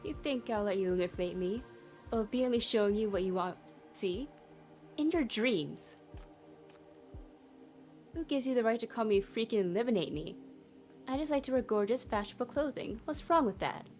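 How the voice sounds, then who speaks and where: A woman's voice: mid-range voice, animated, moderate pace, darkish tone, close to an everyday voice. A woman reading the lines of a proud, elegant woman who scornfully defends herself. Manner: haughty, scornful. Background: faint background music.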